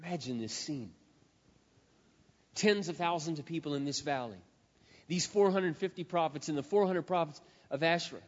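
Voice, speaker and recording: A man preaching a sermon, telling a scripture story dramatically and swinging between loud passages and hushed asides. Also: fairly high pitch, normal speed, long pauses. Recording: reverberant hall, dull lo-fi sound.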